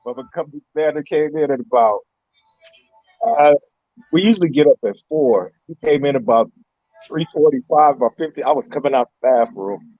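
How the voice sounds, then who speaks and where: A man in casual chat, telling an army story with excitement and bursts of laughter. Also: a little high, normal speed, no echo, phone-quality sound, soft background music.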